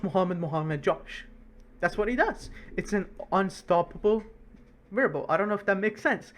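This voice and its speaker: Fast, rambling young man teaching code. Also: high-pitched, a bit bright. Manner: fast, rambling, with many fillers and self-corrections. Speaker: coding teacher. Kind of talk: screen-recorded coding tutorial.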